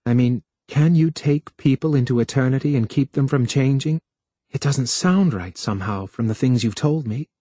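A man's voice: mid-range voice, moderate pace, mellow, slightly rough, dry recording, natural voice. A man voicing a doubtful, gloomy young woman who answers with hesitant questions. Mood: worried.

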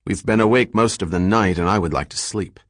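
A man's voice: low voice, a little fast, dry recording, studio quality. A man voicing an exasperated male scholar. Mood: tired. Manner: insistent, exasperated on the device. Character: earnest male scholar, wry and persistent.

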